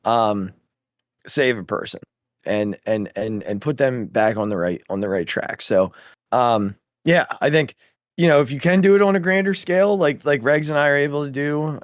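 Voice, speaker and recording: A man's voice: mid-range voice, lively intonation, normal speed, dry recording, clean studio sound. A man co-hosting a podcast, a teacher talking in an earnest, reflective way with many fillers and restarts. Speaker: podcast co-host. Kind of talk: casual chat.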